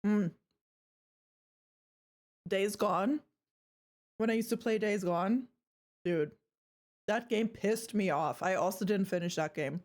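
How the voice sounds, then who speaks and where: Playfully commentating a horror game on a live stream from home, a young woman with a non-native accent curses often and tells off the characters on screen. Her voice is lowish with a darkish tone, and her manner is casual.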